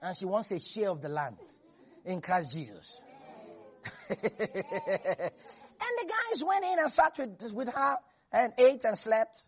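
A man preaching a sermon, swinging between hushed asides and loud, animated exclamations. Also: sits high, takes it slowly, long pauses.

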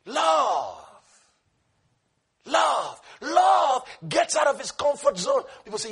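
Male preacher, very high and bright, passionate and repetitive, from shouts to hushes. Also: wildly swooping pitch, takes it slowly, breathy edge. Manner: repetitive, emphatic. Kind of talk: sermon.

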